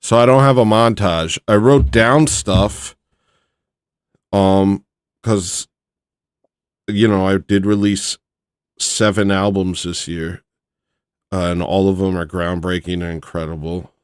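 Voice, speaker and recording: Deadpan male streamer, low-pitched, dry close sound, rambling with fillers. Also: slow, long pauses, clear, resonant tone, dry recording. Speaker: livestream host. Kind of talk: casual livestream banter.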